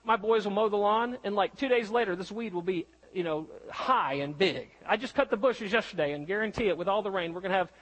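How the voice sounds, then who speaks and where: Man, middle-aged, pastor, high voice, conversational sermon, rhetorical questions, restarts phrases. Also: fairly quick, few pauses, a bit bright, rough recording.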